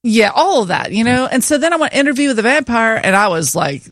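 A woman's voice: fairly high pitch, animated, fast talker, no echo, studio quality. A woman in her forties co-hosting a podcast in casual chat, chatty and self-mocking, laughing often. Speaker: podcast co-host.

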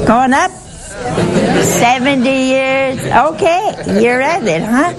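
A woman's voice: high-pitched, slow pace, a loud crowd, heavy background noise. A woman giving an informal Bible teaching to a group, talking conversationally and often putting questions to her listeners.

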